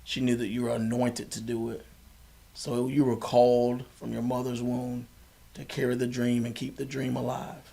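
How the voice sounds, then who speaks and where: A man's voice: mid-range voice, completely flat delivery, moderate pace, vocal fry, warm tone. A man as a podcast guest, encouraging the host in a preacher-like way. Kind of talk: conversational interview.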